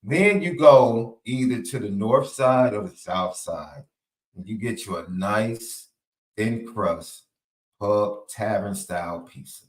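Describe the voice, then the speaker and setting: A man from Chicago co-hosting a casual sports podcast, talking in an animated, folksy way. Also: lowish voice, takes it slowly, echoey room. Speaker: co-host.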